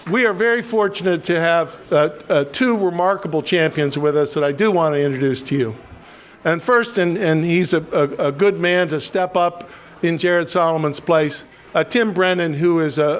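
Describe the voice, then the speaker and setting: A man from western Pennsylvania emceeing a political rally, halting with many restarts and self-deprecating jokes. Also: fairly high pitch.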